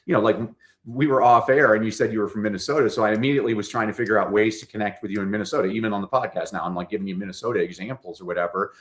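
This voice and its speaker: A man's voice: fairly low pitch, rapid-fire. A middle-aged man, a storytelling coach, talking as a guest on a podcast and acting out quoted lines in different voices. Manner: animated, acts out quotes in voices. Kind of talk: lively podcast conversation.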